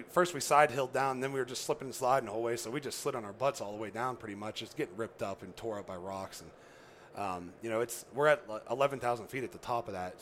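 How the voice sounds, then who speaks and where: A man, a podcast guest, telling a story in a casual, animated way, laughing often and acting out dialogue. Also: on the low side, slight background noise.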